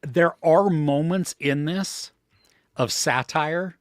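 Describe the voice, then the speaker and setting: A man co-hosting a live movie chat, blunt and animated when he dislikes a film. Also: on the high side, takes it slowly, dry recording, studio quality. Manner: blunt, animated when ranting about films. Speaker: movie podcast co-host.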